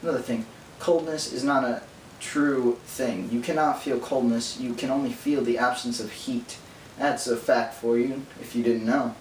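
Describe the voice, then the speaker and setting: A man vlogging alone in a casual, rambling monologue, talking fast and drifting into nerdy tangents. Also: medium pitch, steady tone. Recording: roomy echo from distance, faint hum.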